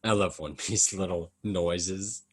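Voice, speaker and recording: A man co-hosting a casual podcast, reacting in a relaxed way and laughing along. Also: sits low, slow, husky, dry recording, studio quality. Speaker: podcast co-host. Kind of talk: casual chat.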